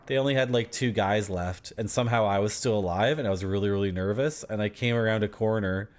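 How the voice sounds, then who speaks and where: A man's voice: lowish voice, fast. A man in his thirties giving casual, rambling commentary as he streams a game, chatting to his viewers and laughing often.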